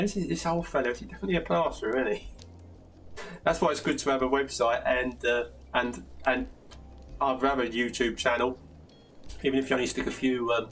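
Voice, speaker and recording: With a gravelly, medium-pitched voice and a fairly bright tone, an older South Londoner chats on a live stream about plastering questions, often laughing and restarting mid-sentence. A faint hiss lies under the audio, and he's positioned slightly away from the mic.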